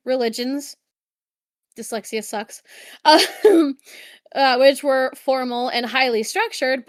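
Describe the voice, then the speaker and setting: Giggly high-voiced woman podcaster. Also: fairly bright tone, no echo, studio quality. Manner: giggly, stuttering, swears freely. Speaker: podcast co-host. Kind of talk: casual chat and reading notes.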